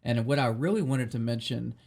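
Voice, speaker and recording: A man's voice: mid-range voice, fairly quick, creaky, darkish tone. Drunk guy, podcast host, rambling, swearing, lots of ums and restarts. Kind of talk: rambling storytelling chat.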